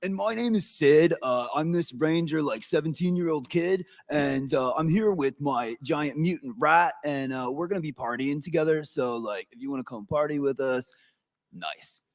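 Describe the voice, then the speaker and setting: Man, slightly high voice, laid-back, laughing, player in live game podcast, convention stage. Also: normal speed. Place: large convention auditorium.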